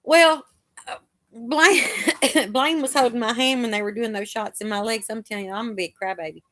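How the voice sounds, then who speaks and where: A woman's voice: fairly high pitch, fairly even intonation, normal speed, a bit bright. Chatty woman telling stories. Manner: chatty storyteller, acts out the doctors' lines. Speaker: host of a live chat. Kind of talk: casual live chat.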